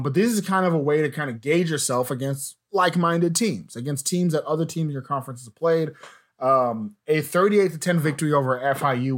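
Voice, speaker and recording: A young adult man hosts a casual sports podcast, chatty and full of opinions, with his sentences often trailing off into a low register.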